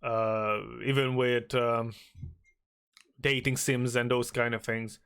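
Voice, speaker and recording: A man streaming a story game, reading its text aloud and chatting, often halting and restarting. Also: mid-range voice, smooth. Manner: halting, with many restarts and fillers; shifts to a louder, animated voice when reading and acting out lines.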